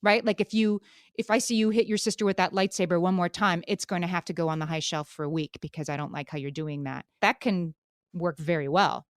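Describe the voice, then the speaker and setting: A middle-aged woman co-hosting a parenting podcast, telling lively stories and laughing easily in casual chat. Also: fairly low pitch, fairly quick, no room sound, clean studio sound. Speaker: podcast co-host.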